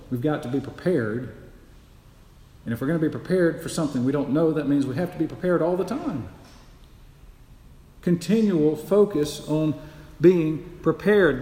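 A man preaches with a fairly high voice, pressing each point and repeating key phrases as he puts rhetorical questions to the congregation. His words ring through a roomy church hall. The reverb trails long after each phrase. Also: warm tone. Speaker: pastor. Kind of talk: sermon.

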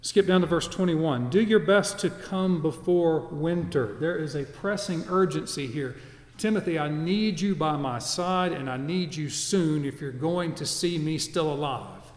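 Male pastor, fairly high voice, earnest and emphatic sermon delivery with repeats, recorded in a reverberant church hall. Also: animated, normal speed. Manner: earnest, emphatic, with repetitions and restarts. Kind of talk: expository sermon.

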